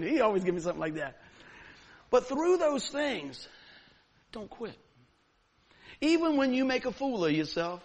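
A man preaching a sermon, telling a story with lively, acted-out moments. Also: sits high. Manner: animated storyteller, acts out scenes. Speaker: pastor.

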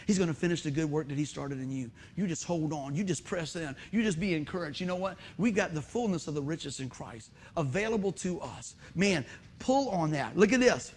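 A high-pitched man delivers a sermon, animated and quick to laugh as he tells his story. His voice sits well above the usual range for a man. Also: slight background noise. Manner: animated, often laughing while telling the story. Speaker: preacher and musician. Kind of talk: sermon with a humorous personal story.

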